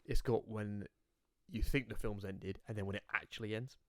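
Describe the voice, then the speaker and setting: A young man chats on a podcast, swearing freely and telling stories with animation. His voice sits low. The sound is close and dry, with no room around it. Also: steady tone, moderate pace, fairly bright tone, no echo. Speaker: podcast host. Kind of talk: casual chat.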